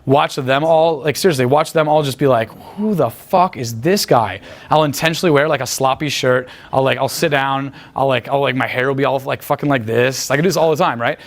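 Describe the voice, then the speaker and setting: A man's voice: medium pitch, fairly even intonation, quick pace, hardly any pauses. A man telling crude, boastful, rambling stories full of profanity in a casual interview. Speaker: guest talking about picking up women.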